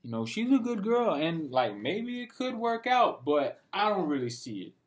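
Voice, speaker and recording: A man's voice: sits high, sing-song, moderate pace. A young man talking in a loose, rambling monologue. He keeps saying "bro" and acts out what he and others said. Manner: rambling, says "bro" constantly, quotes himself and others in little voices. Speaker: vlogger. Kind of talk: casual monologue. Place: at home, dogs nearby.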